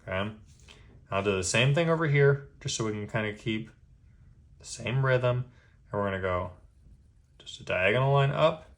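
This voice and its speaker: A man giving a step-by-step drawing lesson, patient and easygoing, checking in with a quick "okay?" after each step. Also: on the low side, expressive. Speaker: drawing instructor.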